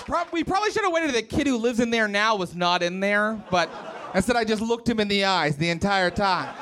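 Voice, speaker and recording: Guy from west virginia doing standup, kinda high voice that jumps all over, rambly and self-deprecating. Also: expressive, a little fast, noisy background. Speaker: stand-up comedian. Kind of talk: stand-up set. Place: comedy club with audience.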